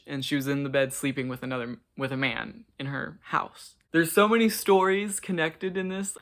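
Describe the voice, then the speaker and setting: A man's voice: a little high, bright, forceful tone. A man giving casual, gushing reaction commentary to a show, swearing and saying "like" a lot. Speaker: reaction vlogger.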